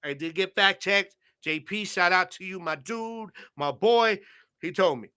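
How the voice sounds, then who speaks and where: A man in his thirties hosts his own sports podcast in a loose, chatty way, dropping "man" and "you know" into almost every sentence. His voice sits a bit high and rings bright and forward. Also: a little slow, clear, resonant tone. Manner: laid-back, slangy, lots of "man" and "you know". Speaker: podcast host. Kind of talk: casual solo podcast talk.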